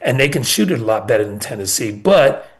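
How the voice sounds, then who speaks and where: In a sports radio interview, the guest, a middle-aged former college basketball assistant coach, speaks a little fast at medium pitch. His stories of past seasons are earnest, his key points repeated for emphasis, his answers built in steady runs.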